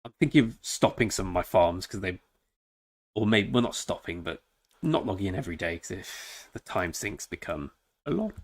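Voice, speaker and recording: A man with a lowish voice, chatting loosely through a live game stream. He jokes around and talks straight to his viewers. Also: lively intonation, normal speed. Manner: chatty, joking, talks to chat. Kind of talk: casual live-stream chat.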